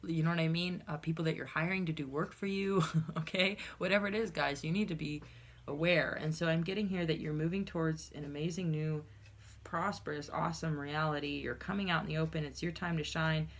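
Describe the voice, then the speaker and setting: A low-pitched woman talks through a tarot reading in a relaxed, conversational way. She is blunt and unfiltered, swears freely, and keeps addressing her viewers directly. It sounds like a solo recording made to camera. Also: brisk. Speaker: tarot reader.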